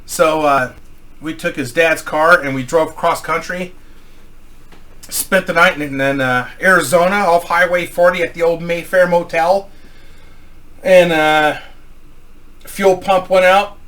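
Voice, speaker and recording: A man's voice: on the high side, steady tone, a little slow, long pauses, a bit bright. A man from Missouri telling a rambling, profanity-filled anecdote in a casual style. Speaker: storyteller.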